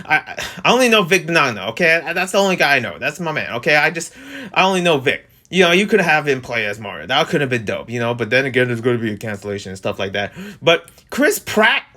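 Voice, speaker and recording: A young man in his twenties hosting a casual commentary vlog, rambling and animated, his voice jumping up when exasperated. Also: fast. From New Jersey. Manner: rambling, animated, restarts and fillers, pitch jumps when exasperated. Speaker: vlog host.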